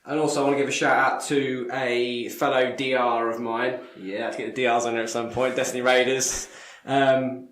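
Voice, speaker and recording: A man co-hosting a podcast, giving loose shout-outs in casual chat with lots of fillers. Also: mid-range voice, level tone, brisk, few pauses. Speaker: podcast co-host. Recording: echoey room.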